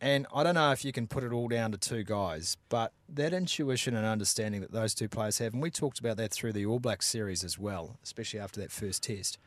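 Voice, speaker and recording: A man's voice: fairly low pitch, fairly quick, few pauses, dry recording. Opinionated New Zealand man talking rugby. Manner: animated, opinionated analysis. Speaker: podcast co-host. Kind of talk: casual rugby chat.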